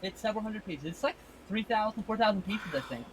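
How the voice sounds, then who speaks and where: A man hosting a podcast in casual chat, swearing freely and talking quickly about his hobbies. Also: high voice, animated, crowd noise, rough recording. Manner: fast, swears a lot. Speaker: podcast host. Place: home room.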